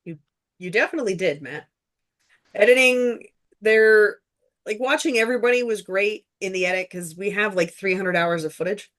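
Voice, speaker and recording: A woman's voice: mid-range voice, normal speed, fairly bright tone. A woman who made the series, chatting casually and gratefully in a commentary, with a loose, rambling way of talking. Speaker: show creator and producer.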